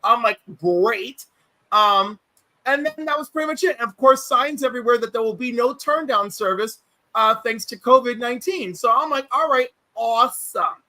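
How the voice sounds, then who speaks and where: A man hosting a livestream, telling stories in a casual, animated way and acting out quotes. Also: extremely high pitch, moderate pace, no room sound, rough recording. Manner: animated, acts out quotes, many restarts. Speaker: livestream host. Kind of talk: casual storytelling chat.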